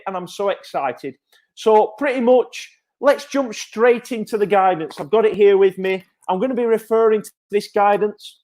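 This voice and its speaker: A man, a childcare provider giving parents an energetic, reassuring live update. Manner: energetic, repetitive, upbeat sales-pitch reassurance.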